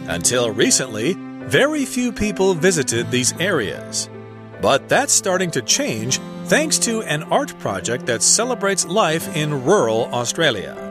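Man, slow careful reading, lively intonation, guitar music behind. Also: on the high side. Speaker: reader of a lesson text. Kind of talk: scripted reading.

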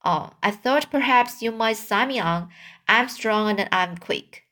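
A woman's voice: medium pitch, a little slow, pushed and bright. Stuart, a woman doing a plucky mouse sailor. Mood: polite eager. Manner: bold, crisp and eager.

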